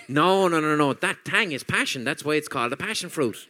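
Casting: rambling, jokey man, bright, fairly high. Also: lively intonation, fairly quick, few pauses. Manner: jokey, rambling, crude humour. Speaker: podcast host. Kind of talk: casual chat.

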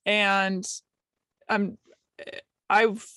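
A woman's voice: mid-range voice, level tone, drawn-out words, fairly bright tone, no echo, clean studio sound. A woman, a podcaster and guest, telling an emotional personal story in conversation, self-deprecating and openly emotional. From United States. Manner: emotional, self-deprecating, quotes others in light voices.

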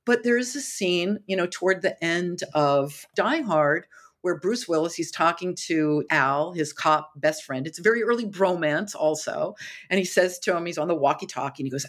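A woman author, a podcast guest, explaining storytelling with lively retellings of film scenes. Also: on the low side, normal speed. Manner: animated, acts out dialogue in quotes.

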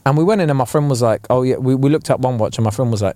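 A man's voice: medium pitch, very fast, mellow, no echo. A young man, co-hosting a podcast and telling a story in casual chat, full of slang and acted-out quotes. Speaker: podcast co-host.

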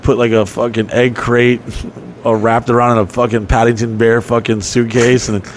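A man's voice: mid-range voice, flat delivery, normal speed, background noise. A man casually telling long, profane stories on a podcast, laughing as he goes. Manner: profane, rambling, laughing storyteller. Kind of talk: casual storytelling chat.

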